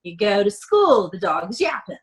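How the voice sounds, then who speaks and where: A woman reading a picture book aloud to children, chatty and animated, often laughing. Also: mid-range voice, moderate pace, rough recording. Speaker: storybook reader.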